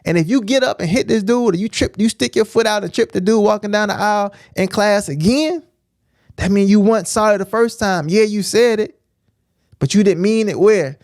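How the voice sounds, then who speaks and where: A man's voice: sits high, normal speed, a little mellow, dry recording, studio quality. A man preaching informally on a livestream, emphatic and repetitive, often checking in with "right?". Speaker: streamer teaching scripture.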